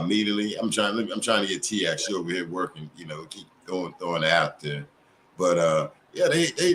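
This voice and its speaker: A man's voice: fairly low pitch, fairly bright tone, slight background noise. A man hosting a casual livestream talk show, speaking emphatically, with loose cursing and a lot of trailing filler. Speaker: show host.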